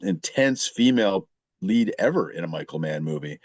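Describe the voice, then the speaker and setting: A man argues his movie picks with punchy conviction. His voice sits a little low and sounds dry and close, with no room around it. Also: very animated, normal speed, a little mellow, breathy edge, no room sound. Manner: emphatic, opinionated. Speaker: podcast guest critic. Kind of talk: casual movie discussion.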